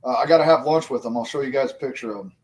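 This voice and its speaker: A man's voice: medium pitch, rapid-fire, darkish tone. A man in his forties chatting casually to viewers on a livestream, rambling and swearing constantly. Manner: rambling, addresses viewers directly. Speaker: live streamer.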